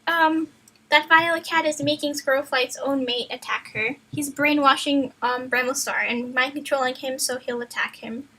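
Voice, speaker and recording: A woman streamer reading a book aloud on a live stream, often breaking off to chat and joke. Her voice sits high and sounds bright. She rambles and stumbles over words as she reads. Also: fairly even intonation, normal speed, poor audio. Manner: playful, chatty, loses her place in the text. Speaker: streamer, reader.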